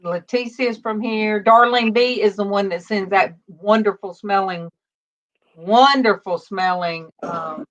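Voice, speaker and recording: A woman's voice: mid-range voice, measured pace, lo-fi sound. Chatty woman host reading comments. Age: middle-aged. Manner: chatty, reads viewer comments aloud. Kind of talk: casual livestream chat.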